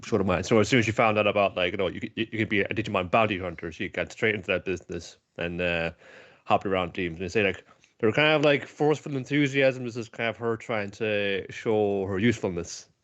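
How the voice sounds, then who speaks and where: A man with a fairly low voice chats casually on a podcast, often stalling and repeating himself mid-thought. His mic sounds dull and lo-fi, missing the crisp top end. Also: a bit bright. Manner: halting, repeats words while thinking. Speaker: podcast co-host. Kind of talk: casual chat.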